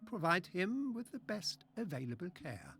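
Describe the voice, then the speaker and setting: A scheming male doctor who talks down to everyone in a silky, patronizing way with a faint German accent. His voice sits fairly high for a man and rises and falls in lively swoops. There is faint music underneath. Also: moderate pace, gravelly, heavily acted. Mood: condescending. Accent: slight German. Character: smug scheming male mad-scientist doctor. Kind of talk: video game voice acting.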